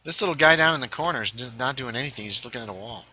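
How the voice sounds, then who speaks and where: An easygoing man chats and jokes with a friend while streaming a game. His voice has a very bright, forward tone, and a faint hiss sits under the home microphone. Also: mid-range voice, expressive, rapid-fire, highs cut off. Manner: easygoing, chatty, laughs often. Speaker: streamer playing Minecraft with a friend. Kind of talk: casual gameplay chat.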